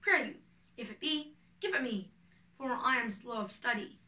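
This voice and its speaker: A woman reading the part of a slow-witted, timid male joiner who asks politely and hesitantly, in an echoey room. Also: fairly high pitch, expressive, pushed and bright. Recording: echoey room, away from the mic.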